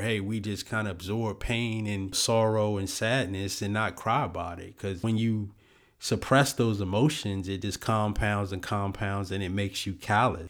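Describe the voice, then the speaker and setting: A man hosting a solo book-review podcast, talking in an earnest, reflective way with lots of "you know" fillers. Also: lowish voice.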